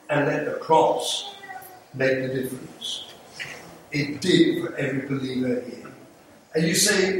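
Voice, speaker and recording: In a church sanctuary, an older English evangelist gives an earnest sermon ending in an altar call, pleading with his listeners and cracking small jokes. His voice is on the high side and a bit bright, very animated, at a measured pace with long pauses. The distant mic picks up an echoey hall and room noise.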